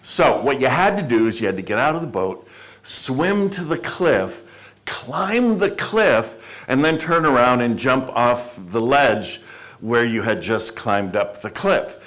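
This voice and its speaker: A male speaker telling an animated, humorous story to a live audience in a club meeting room. He pokes fun at himself as he goes. His voice sits in a middle pitch range. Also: unhurried. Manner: animated, self-deprecating storyteller. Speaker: motivational speaker.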